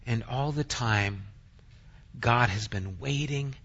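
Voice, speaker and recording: Slow bright-voiced male preacher. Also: mid-range voice, slightly rough, lo-fi sound. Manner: dramatic scripture reading, then quiet earnest preaching. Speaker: pastor. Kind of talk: sermon.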